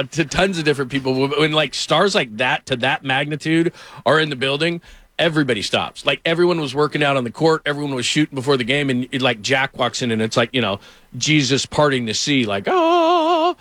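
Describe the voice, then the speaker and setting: A man's voice: on the high side, a little fast, sharp tone, no echo. A man hosting a sports radio show, telling rambling anecdotes full of fillers into a studio microphone.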